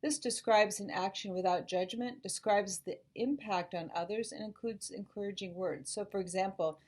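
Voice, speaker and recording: Casting: woman school psychologist, calm explanatory parent talk. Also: mid-range voice, moderate pace, few pauses. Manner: calm, explanatory, models gentle phrases to say to children.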